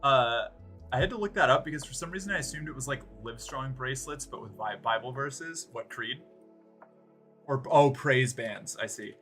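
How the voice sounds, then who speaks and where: Male streamer, casual rambling rant, sarcastic, swears a lot, sharp bright tone. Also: mid-range voice, moderate pace, faint music behind. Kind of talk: casual livestream chat.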